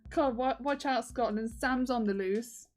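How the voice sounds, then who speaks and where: A woman's voice: on the high side, measured pace. A woman chatting casually in a video diary, rambling with lots of fillers and frequent laughs. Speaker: video diarist.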